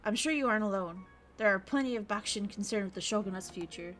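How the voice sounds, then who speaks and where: A woman's voice: mid-range voice, fast talker, faint music behind. A young woman streaming a visual novel, reading its narration aloud and chatting casually, swearing and laughing as she goes. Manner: chatty, swears freely, laughs, bursts into exaggerated rants. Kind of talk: casual livestream chat and reading game text aloud.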